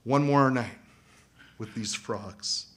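A man preaching a sermon as pastor, animated and acting out quoted voices. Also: mid-range voice, slow pace.

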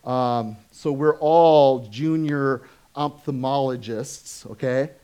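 Slow, clear and resonant, an adult pastor who has kids preaches a conversational sermon. He peppers the congregation with questions and shifts between animated stories and quiet, low asides.

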